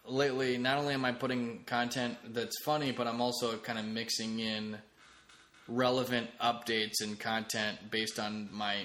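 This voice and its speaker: A man's voice: medium pitch, pushed and bright. A man hosting a solo comedy podcast late at night, rambling casually with restarts. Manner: rambling, with frequent restarts and fillers. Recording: echoey room.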